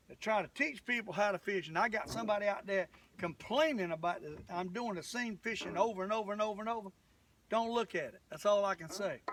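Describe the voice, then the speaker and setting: An older man with a drawl and a high voice rambles in a folksy way while he fishes from a boat, chatting straight to his viewers. His tone is bright and a little sharp. The mic sits at some distance, with a faint outdoor hiss behind him. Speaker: fishing show host. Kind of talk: live fishing vlog commentary.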